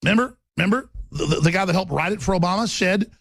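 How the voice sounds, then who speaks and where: A man's voice: high voice, fast, few pauses, fairly bright tone. A man hosting a talk-radio show, ranting in an impassioned, repetitive monologue into a studio microphone. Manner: ranting, repetitive, acts out quotes in mocking voices.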